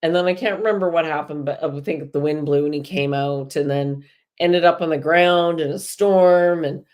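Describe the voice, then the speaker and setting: A low-voiced woman hosts a live spiritual talk for her viewers. She chats casually, drifts between stories and encouragement, and laughs easily as she goes. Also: moderate pace. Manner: warm, chatty, laughs often. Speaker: host of a live spiritual energy show.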